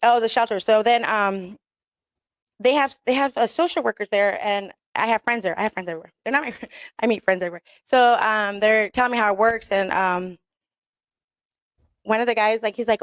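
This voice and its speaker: A woman's voice: mid-range voice, brisk, no echo. A woman hosting talk radio in a blunt, rambling, profane way, laughing often and mixing in Spanish slang.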